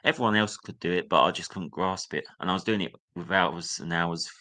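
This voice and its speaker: A man's voice: low-pitched, brisk, sharp tone. A young man telling candid personal stories from his school days, now and then putting on the sneering voice of a teacher. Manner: candid, reliving memories, acts out a teacher's sneering voice. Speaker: guest. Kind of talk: personal storytelling.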